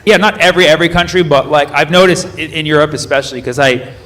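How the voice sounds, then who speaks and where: A man from the United States doing stand-up crowd work, questioning the audience in a quick, playful way. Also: fairly high pitch, sharp tone. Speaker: stand-up comedian. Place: comedy club with a live audience. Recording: live stage recording with crowd noise.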